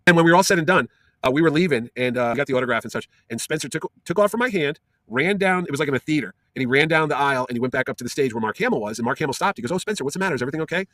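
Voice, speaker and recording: Brief: middle-aged male storyteller, rapid and animated, dry close-miked sound. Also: mid-range voice, no echo. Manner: lively, animated storyteller with fillers. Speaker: comic convention organizer telling an anecdote. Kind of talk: casual anecdote in an interview.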